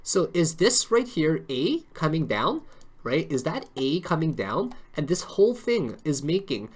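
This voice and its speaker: A man's voice: a little high, big pitch swings, unhurried, slightly rough. A man hosting a live stream on crypto charts, chatty and joking, always checking in with tag questions.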